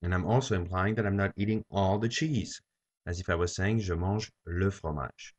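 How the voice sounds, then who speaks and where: A man teaching a French lesson, saying each phrase slowly and repeating it for learners to copy. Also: sits low. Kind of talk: slow language lesson. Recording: dull lo-fi recording.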